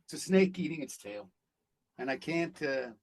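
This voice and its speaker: Animated, blunt male actor telling stories. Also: fairly high pitch, normal speed. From Canada. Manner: animated storyteller, blunt and profane. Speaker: actor guest. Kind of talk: casual interview chat.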